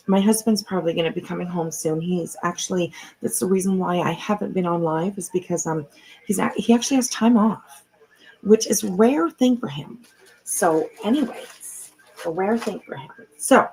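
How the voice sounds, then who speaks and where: A woman's voice: on the low side, gravelly, darkish tone, husky, poor audio. A middle-aged woman hosting a casual livestream from home on a computer mic. She talks in a rambling, chatty way and swears freely. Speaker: livestream host.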